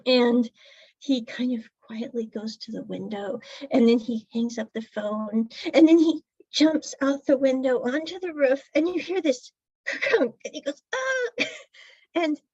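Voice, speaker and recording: A woman's voice: high-pitched, mellow, slightly rough, dry recording, lo-fi sound. A woman casually recapping a drama episode, chatty and laughing often as she retells scenes. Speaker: drama reviewer.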